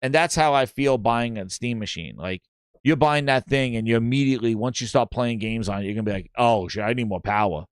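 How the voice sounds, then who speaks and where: A man's voice: medium pitch, brisk, clean tone, no echo, clean studio sound. A man hosting a gaming news show, rambling and mocking in casual chat, with many restarts. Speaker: gaming podcast host.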